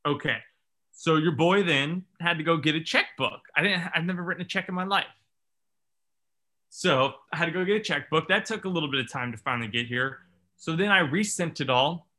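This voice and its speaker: Man, casual storyteller, lively quoted voices, bright and forceful tone. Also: fairly high pitch, normal speed, pauses often. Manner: animated, self-mocking storyteller acting out quotes.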